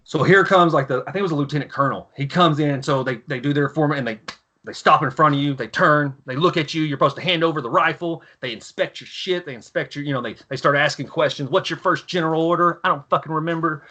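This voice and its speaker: Podcast guest, thirties, man; crude, lively storytelling; bright, pushed tone. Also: a little high, quick pace. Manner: profane, animated, acts out yelling officers in his stories. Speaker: podcast guest, former Marine and author. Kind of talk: casual storytelling.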